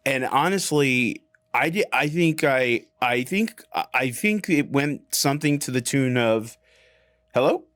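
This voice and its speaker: A man of middling pitch tells a story in relaxed podcast chat, dropping fillers and curses as he goes. He slips into the voices of the people he quotes with animated energy. The sound is close and dry, with no room in it. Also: measured pace, dry recording. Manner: animated storyteller, acts out quoted lines, frequent fillers and swearing. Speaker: podcast co-host.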